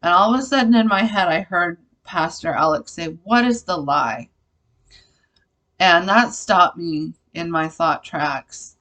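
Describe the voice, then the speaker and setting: A woman with a lowish voice speaks slowly and unhurriedly. She reflects candidly on her faith and her own life, pausing with fillers as she talks it through. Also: a bit bright, poor audio. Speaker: Christian blogger.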